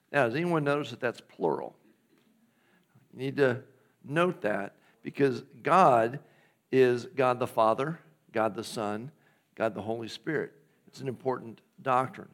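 A man delivers a church sermon in an easy, conversational way. His voice sits at a medium pitch. He keeps things light, with asides and playful impressions of the lines he quotes. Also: a bit bright. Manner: conversational, jokey, acts out God's lines in a casual voice. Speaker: pastor.

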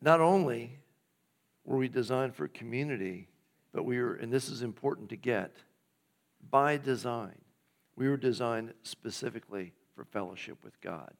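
A man delivers a church sermon in an easy, conversational way. His voice sits at a medium pitch. He keeps things light, with asides and playful impressions of the lines he quotes. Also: animated, normal speed. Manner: conversational, jokey, acts out God's lines in a casual voice. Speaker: pastor.

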